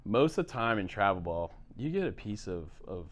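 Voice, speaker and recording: A man's voice: on the low side, big pitch swings, moderate pace. A man hosting a sports coaching podcast who talks conversationally and reflects on competition with frequent fillers. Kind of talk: casual podcast chat.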